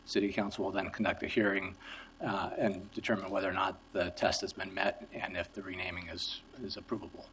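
A man presenting to a city council as staff member, with a low voice and a faint hum of background noise. He explains the procedure in a plain, matter-of-fact way. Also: flat delivery, brisk, a bit bright, rough recording.

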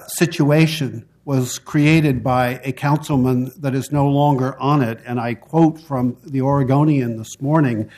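Man giving measured testimony at a hearing. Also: mid-range voice, a little mellow. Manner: measured and deliberate, halting between phrases. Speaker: public commenter at a city council hearing. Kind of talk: formal public testimony.

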